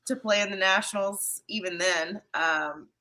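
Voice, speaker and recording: A woman co-hosting a casual sports roundtable, giving measured opinions with thinking pauses. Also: mid-range voice, bright, forceful tone, poor audio. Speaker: podcast co-host.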